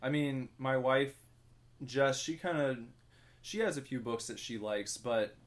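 A man's voice: mid-range voice, a little slow. A young man from Ohio co-hosting a casual podcast, easygoing and dry, eating while he talks. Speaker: podcast co-host. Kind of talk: casual chat.

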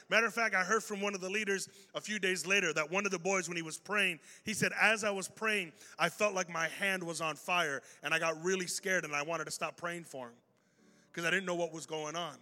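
A male pastor telling a story in a sermon, lively and animated, acting out the voices of the people in it. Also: a little high, brisk. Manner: animated, acts out dialogue in the story. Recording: long hall reverb with faint music.

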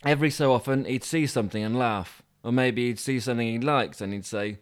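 A man narrating a comic story with dry, deadpan asides. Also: medium pitch, fairly quick, clean tone. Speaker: podcast host and storyteller.

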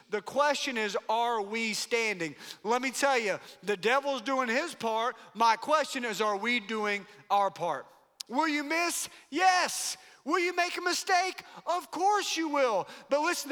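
High, bright-voiced male pastor preaching. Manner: preachy, emphatic, playful banter. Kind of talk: sermon. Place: large church auditorium. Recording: long hall reverb.

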